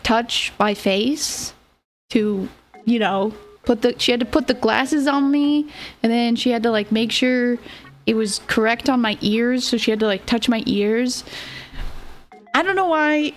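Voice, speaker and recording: A woman's voice: a little high, unhurried, faint music behind. A young woman streamer chatting casually, rambling through a story and giggling often. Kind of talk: casual livestream chat.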